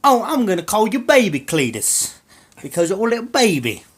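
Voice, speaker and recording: A man's voice: mid-range voice, animated, fairly quick, a bit bright. A man voicing a crude, dim-witted redneck husband who rambles and mutters, then blurts things out. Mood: excited.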